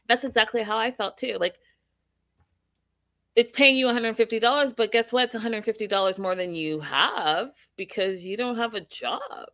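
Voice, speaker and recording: A woman's voice: unhurried, no echo. Chatty woman recapping reality TV. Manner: chatty, animated, acts out quotes with rising pitch. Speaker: podcast host reviewing reality TV. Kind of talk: casual recap and commentary.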